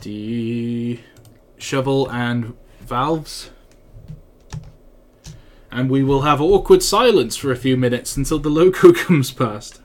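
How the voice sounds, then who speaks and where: A man's voice: mid-range voice, slow pace, long pauses, darkish tone. Joking Welsh man live-streaming a game. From Wales. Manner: chatty and teasing, answers chat messages. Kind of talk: casual live-stream commentary. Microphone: desk microphone.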